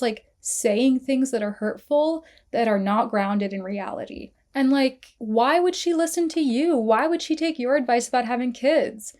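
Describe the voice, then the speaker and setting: Tired-voiced woman analyzing a film. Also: on the high side. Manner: animated, acts out characters' lines while retelling scenes. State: tired, strained voice. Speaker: film review host. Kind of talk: casual spoken film analysis.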